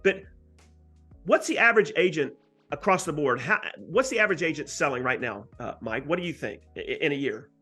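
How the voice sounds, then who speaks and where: A man telling an emphatic, animated story as a guest in an interview, with frequent asides to the host. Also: a little high, a little fast, breathy edge, soft background music. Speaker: guest real estate agent.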